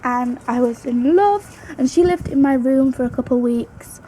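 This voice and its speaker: A woman's voice: sits high, moderate pace, warm tone, slightly rough, low-quality recording. A young woman vlogging at home about her pet rabbit in a chatty, fond way, now and then cooing to the animal. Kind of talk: casual storytelling to camera.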